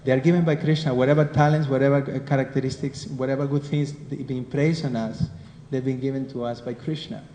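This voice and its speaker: A man's voice: mid-range voice, a little mellow. Spanish-accented man teaching in an echoey hall. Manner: conversational, keeps asking the listeners questions. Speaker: scripture class teacher. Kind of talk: devotional class lecture. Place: class room with listeners. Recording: roomy hall echo with faint noise.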